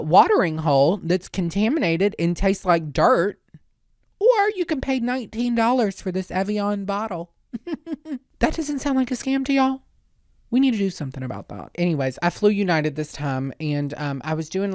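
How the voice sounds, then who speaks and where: A woman hosting a podcast, talking in a casual comedic monologue. Her delivery is sassy and full of exaggerated rants, in a fairly low voice. The sound is dry and close, with no room echo. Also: a little mellow. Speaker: podcast host.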